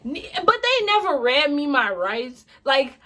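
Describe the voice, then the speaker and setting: A woman vlogger telling a casual storytime tale in an animated, slangy, expressive way. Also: high-pitched, a little slow.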